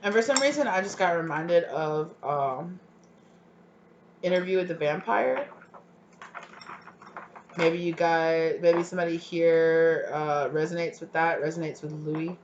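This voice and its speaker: A tarot reader giving a casual pick-a-card reading, rambling with lots of filler likes and sudden excited bursts. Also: mid-range voice, measured pace, long pauses, highs cut off, a little hiss or hum.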